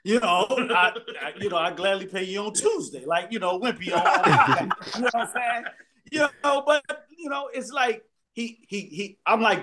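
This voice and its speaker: A man's voice: high voice, animated, moderate pace, pushed and bright. A man co-hosting a podcast in loose, rambling, profane banter with friends. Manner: loose, rambling, swears freely. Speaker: podcast co-host. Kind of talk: casual banter among friends.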